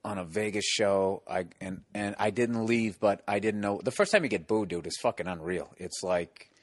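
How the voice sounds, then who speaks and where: Clean studio sound, dry and without room tone, captures a lowish male voice at a moderate pace. He's a forty-something Boston comedian telling stand-up stories in casual talk, profane and animated, acting out yelling hecklers and other people.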